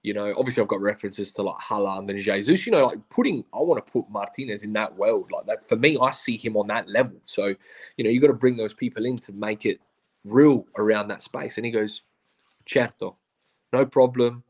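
A man's voice: lowish voice, fairly quick, slightly rough. A man with an Australian accent, a podcast guest telling stories in casual, slangy chat and acting out what others said. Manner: animated, slangy, acts out quotes of others. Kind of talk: casual storytelling.

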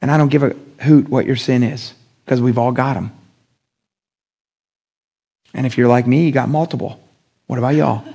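A young adult man preaching a casual midweek sermon, talking in an animated, conversational way with slang and acting out the voices he quotes. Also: mid-range voice, normal speed, gravelly, long pauses, breathy edge. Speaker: pastor.

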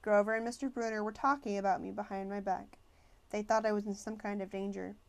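A woman narrating a first-person novel as an audiobook, measured and expressive. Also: mid-range voice, gravelly.

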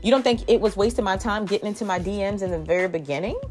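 A woman's voice: mid-range voice, fast talker, a little mellow, faint music behind. A woman in her thirties ranting casually to camera, blunt and exasperated, swearing freely. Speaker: vlogger.

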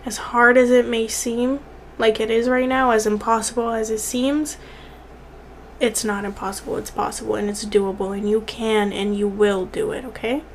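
Earnest young woman, slightly high voice. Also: fairly even intonation, moderate pace, a little hiss or hum. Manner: earnest, repeats words for emphasis. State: tearful at times. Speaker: vlogger. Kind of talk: heartfelt direct-to-camera encouragement.

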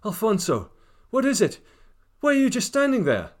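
A man's voice: low voice, normal speed, a little mellow, lightly acted. A man voicing an anxious young noblewoman. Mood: alarmed.

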